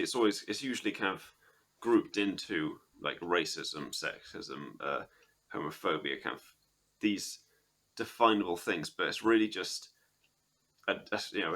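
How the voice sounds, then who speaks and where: Low-voiced man with a sharp tone, halting conversational delivery. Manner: hesitant, halting, many restarts. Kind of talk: casual interview conversation.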